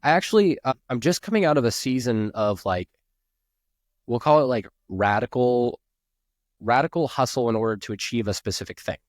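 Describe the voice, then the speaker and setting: A man's voice: mid-range voice, lively intonation, fairly quick, no room sound, studio quality. A man speaking as a podcast guest, rambling earnestly and filling his sentences with "like". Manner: rambling, earnest, heavy use of "like", restarts. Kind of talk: podcast interview.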